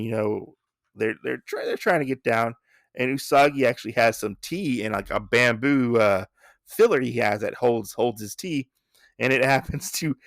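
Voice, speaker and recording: A man's voice: mid-range voice, vocal fry, a bit bright, dry recording, studio quality. A man hosting a podcast, casually recapping a comic in a rambling way full of fillers and restarts. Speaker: podcast host.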